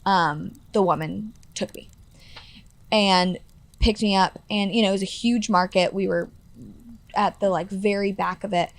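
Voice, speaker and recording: A young woman in her twenties recounts her own past in an earnest, rambling way, leaning on "like" and "you know". Her voice sits at an ordinary middle pitch and sounds dry and close, with no room around it. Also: fairly even intonation, unhurried, no room sound. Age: 20s. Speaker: guest. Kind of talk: personal storytelling in a podcast interview.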